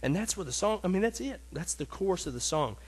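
A man teaching a casual Bible lesson, earnest and emotional, talking in a halting way with many restarts and fillers. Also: sits high, sing-song, a little mellow, husky.

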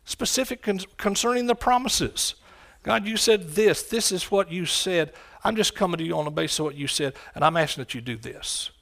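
A man preaching a sermon, swinging from quiet, low lines to loud, shouted ones. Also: normal speed, gravelly. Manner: impassioned, rising to shouts and dropping low.

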